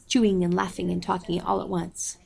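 Gravelly, low-voiced woman reading a story. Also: level tone, dark tone. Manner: measured, reads page numbers aloud. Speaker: audiobook reader. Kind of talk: storybook read-aloud.

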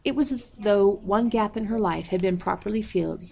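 A woman reading a story aloud at a measured pace, calling out page numbers as she goes. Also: mid-range voice, vocal fry, darkish tone. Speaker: audiobook reader.

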